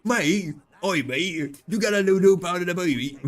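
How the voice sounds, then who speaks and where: A man voicing a boisterous, cheeky Australian bloke with a loud, exaggerated delivery. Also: high voice, expressive, extremely slow, voice pushed up, heavily acted.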